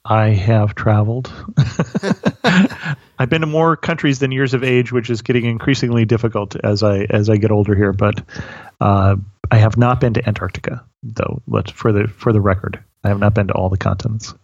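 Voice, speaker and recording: A man's voice: lowish voice, fairly even intonation, brisk, a little mellow, dry recording. A man being interviewed as a podcast guest, talking in a modest, self-deprecating way with a dull, lo-fi sound. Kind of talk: casual interview conversation.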